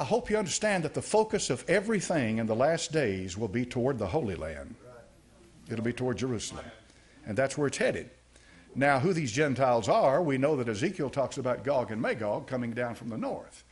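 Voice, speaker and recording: Husky, lively-voiced male preacher. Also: medium pitch, moderate pace. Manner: emphatic preaching with repeated phrases. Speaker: pastor. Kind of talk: sermon.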